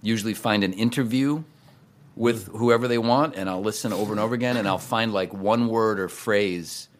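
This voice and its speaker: A male voice actor and impressionist chatting casually in an interview, quick and chatty and laughing often. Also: fairly low pitch.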